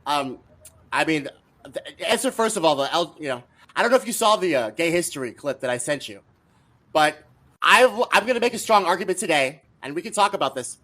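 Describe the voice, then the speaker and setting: Podcast guest dude, brightish higher voice, teasing and argumentative. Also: male voice, lively intonation, a little fast. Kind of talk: casual political chat.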